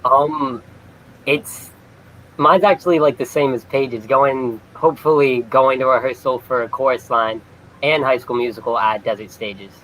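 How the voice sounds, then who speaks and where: Young male guest, mid-pitched voice, modest brief answers, light background hiss. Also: measured pace, a bit bright, low-quality recording. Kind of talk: casual interview answers.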